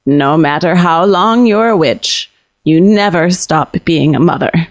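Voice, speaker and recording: A creaky-voiced old witch, grandmother to a princess, put on by a woman reading the tale. She speaks in short, weighed questions, a little lower and darker in tone, and the recording is dry and close. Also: measured pace, dry recording, close to an everyday voice. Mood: grave. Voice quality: slightly creaky voice. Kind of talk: audiobook fiction reading.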